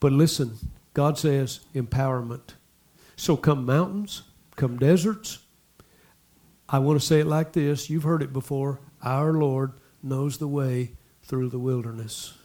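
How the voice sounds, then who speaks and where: A man preaching a sermon, talking to the congregation in asides and repeating lines as he builds to loud exhortation. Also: mid-range voice, unhurried. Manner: impassioned, repetitive preaching that swells to loud exhortation. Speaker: pastor.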